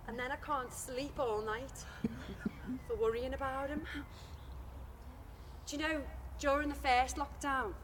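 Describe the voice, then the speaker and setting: A woman plays a worn-out, worried daughter, confiding her frustrations in a high voice. There is faint background noise in the outdoor recording. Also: exaggerated voice. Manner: confiding, exasperated monologue. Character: weary, worried grown daughter.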